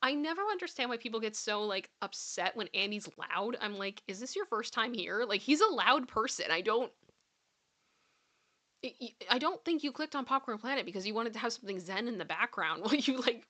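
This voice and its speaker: A woman's voice: on the high side, lively intonation, normal speed, bright, forceful tone. A woman hosting a live commentary chat, chatty and giggly, often repeating her phrases. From Canada. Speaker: commentary show host.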